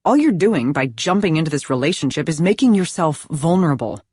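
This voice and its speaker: A woman's voice: deep voice, sing-song, a little fast, a little mellow, slightly rough, dry recording, clean studio sound, heavily acted. Woman playing a brash young college woman. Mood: dismissive.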